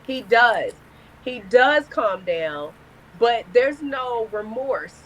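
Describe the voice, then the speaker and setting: A woman's voice: mid-range voice, measured pace, poor audio. A woman, a guest telling a blunt, profane story in a casual live-stream interview. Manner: candid, profane, animated storytelling.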